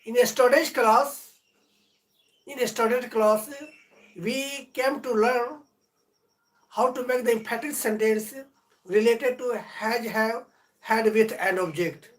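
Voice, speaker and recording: A man teaching a live-streamed grammar lesson, lecturing earnestly and deliberately, drawing out key words between long pauses. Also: very high voice, fairly even intonation, rough recording. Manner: earnest, motivational.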